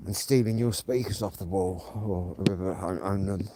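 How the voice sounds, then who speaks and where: A man with an English accent and a fairly low voice talks into his camera on a night walk. He tells stories in a blunt, slangy, casual way. The recording is noisy, with a steady hiss behind his voice. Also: normal speed. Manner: chatty, blunt, slangy storytelling. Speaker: vlogger. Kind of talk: casual walk-and-talk vlog. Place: outdoors at night walking, then indoors at home.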